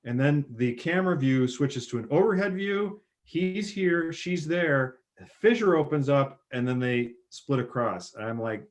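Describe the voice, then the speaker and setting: Animated man retelling film scenes. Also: a little high, unhurried, hardly any pauses. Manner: animated storyteller, acts out film scenes with sudden loud bursts. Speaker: podcast guest. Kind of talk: casual film chat.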